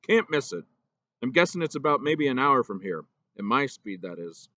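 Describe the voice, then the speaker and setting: A man voicing a gruff, remorseful older male teacher in a storybook reading, talking plainly and low. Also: very animated, moderate pace, bright, forceful tone, dry recording.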